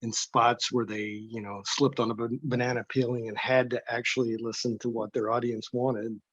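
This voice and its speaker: A man's voice: mid-range voice, flat delivery, moderate pace, fairly bright tone, husky, no echo. A man in casual podcast chat as a guest author, blunt and sardonic, making self-mocking jokes. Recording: dull dry remote line.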